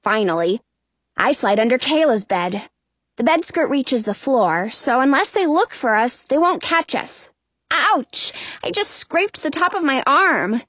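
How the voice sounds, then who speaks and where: A woman narrating a children's story in first person with an expressive, anxious tone. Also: high voice, unhurried, dry recording. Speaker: audiobook narrator.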